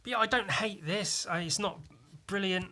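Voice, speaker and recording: A man's voice: sits high, moderate pace, bright, forceful tone. A young man casually talking over his old comic, self-mocking and swearing. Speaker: vlogger. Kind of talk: casual commentary.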